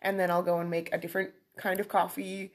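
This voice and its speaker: A woman's voice: fairly low pitch, little pitch movement, quick pace. A woman co-hosting a coffee podcast in casual chat, teasing and playful. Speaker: podcast co-host.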